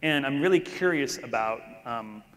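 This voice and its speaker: A man's voice: medium pitch, lively intonation, normal speed, a bit bright. A man speaking on stage in a casual, rambling conversation, often restarting his sentences. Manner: rambling, self-interrupting, conversational. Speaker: keynote speaker. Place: large conference hall. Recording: reverberant conference hall.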